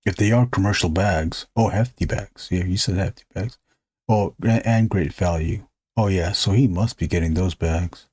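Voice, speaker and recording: A man's voice: deep voice, normal speed, darkish tone, breathy edge, no echo. A man hosting a drawing live stream, chatting casually in a rambling, joking way and swearing freely. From United States. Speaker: artist and live stream host.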